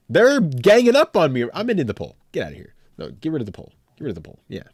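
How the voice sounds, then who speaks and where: A young man streaming live, chatting casually with his viewers in an animated, joking way as he ranks characters on a tier list. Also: on the high side, fast talker, few pauses, breathy edge, dry recording, clean studio sound. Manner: animated, jokey, talks back to chat.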